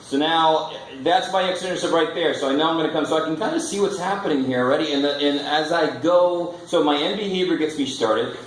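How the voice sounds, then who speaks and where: A man's voice: on the high side, a little fast, few pauses. A man teaching a college math lecture, casual and joking as he thinks aloud at the board. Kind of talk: classroom lecture. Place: classroom. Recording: echoey classroom with faint noise.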